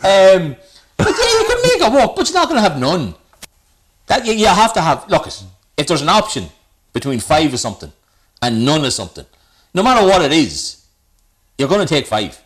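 Playful man, lively up-and-down voice. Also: fairly high pitch, normal speed, long pauses. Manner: playful, teasing, laughs often. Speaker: podcast co-host. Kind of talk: casual comedic chat.

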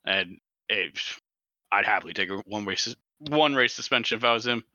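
A man co-hosting a podcast, chiming in casually with quick reactions. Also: on the low side, lively intonation, bright, forceful tone, dry recording, dull audio. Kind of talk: casual chat.

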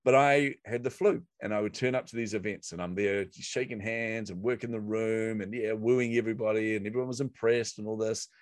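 Low-voiced New man telling a story. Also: a little fast, few pauses, no room sound. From New Zealand. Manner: animated anecdotal delivery with acted quotes. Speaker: guest. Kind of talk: storytelling in a podcast interview.

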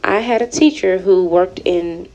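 On this clip, a thirtysomething woman from Houston, Texas, reads from a story she herself wrote and comments on it personally, her fairly low voice soft, hesitant, and peppered with ums. She is emotional, nearly crying, and the high frequencies are cut off.

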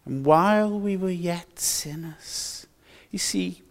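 An older man delivers a sermon in an earnest, emphatic way. He speaks slowly, with a slightly raised pitch, and leans on repeated phrases. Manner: earnest, slow and emphatic with repetitions. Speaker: preacher.

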